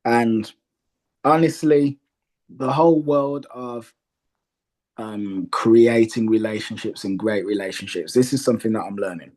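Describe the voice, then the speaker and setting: A man guesting as a dating coach on a podcast, calmly explaining his view with examples. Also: fairly low pitch. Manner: measured, explains by example with acted quotes. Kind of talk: casual podcast conversation.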